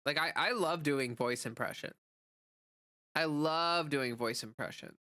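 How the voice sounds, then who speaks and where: A woman's voice: low voice, a little slow, a bit bright, no room sound. A woman streamer in casual live chat, answering chat messages in a chatty way with lots of "like" fillers.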